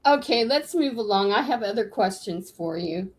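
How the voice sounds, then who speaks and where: A woman's voice: mid-range voice, lively intonation, normal speed, slightly rough. A woman calling in to a talk show, speaking in a dry, amused way. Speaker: caller. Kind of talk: casual call-in chat.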